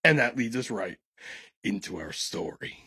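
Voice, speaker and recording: A man's voice: medium pitch, big pitch swings, normal speed, bright, forceful tone, breathy edge, no echo. An American man hosting a podcast, telling a story in an irreverent, casual comedic style. He swears a lot and laughs at his own jokes. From United States.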